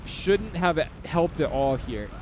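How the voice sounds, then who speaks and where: Chatty male game commentator, higher voice. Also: big pitch swings, takes it slowly, background noise. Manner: chatty and analytical, heavy use of "like". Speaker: live stream game commentator. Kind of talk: casual live game commentary.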